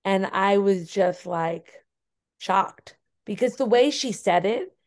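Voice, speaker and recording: A woman's voice: medium pitch, slow pace. A young adult woman teacher, a podcast guest, telling a personal story earnestly with many fillers. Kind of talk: casual interview conversation.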